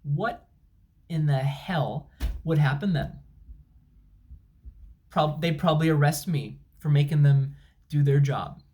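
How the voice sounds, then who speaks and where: A man's voice: on the high side, takes it slowly, long pauses, dark tone. Exasperated man ranting about a trip. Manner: exasperated, emphatic, sarcastic. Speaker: travel vlogger. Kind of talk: angry storytime rant. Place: at home, indoors. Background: dryer and washing machine running.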